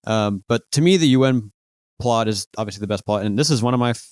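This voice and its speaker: A man's voice: on the low side, quick pace, darkish tone, dry recording, clean studio sound. A man co-hosting a podcast, chatting casually about a favorite episode and stumbling over his starts. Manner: chatty, repeats words when starting. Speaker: podcast co-host.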